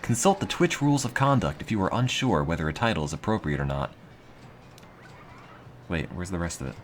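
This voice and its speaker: Deep male streamer, dry deadpan monotone, self-mocking, lively pitch swings, faint hiss. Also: fairly quick. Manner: dry, self-mocking, reads passages aloud. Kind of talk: casual live-stream chat.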